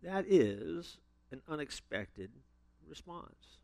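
A man preaching a sermon, telling stories with sudden loud emphasis and playful asides. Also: on the high side, big pitch swings, slow pace, creaky, no room sound.

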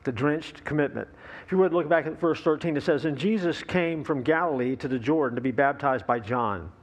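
A man's voice: fairly high pitch, brisk. Folksy pastor man preaching a sermon. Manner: folksy joke-telling with chuckles and fillers.

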